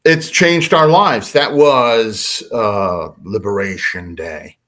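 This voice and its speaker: A man, a podcast guest, telling a story in a lively way and acting out quotes. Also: slow pace. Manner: lively, acts out quotes with big pitch swings. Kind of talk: animated storytelling.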